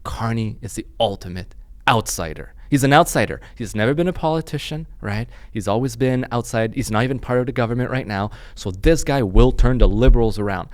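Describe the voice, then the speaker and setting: A man's voice: medium pitch, fairly quick, hardly any pauses, dry recording. A man from Canada hosting a political podcast, blunt and joking, with a lot of swearing. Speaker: podcast host. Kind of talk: casual political podcast chat.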